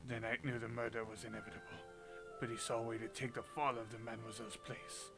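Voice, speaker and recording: A man voicing a secretive male bird nobleman who speaks in a hushed, low, conspiratorial French manner. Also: little pitch movement, fast, over music, lightly acted, low-quality recording. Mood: storytelling.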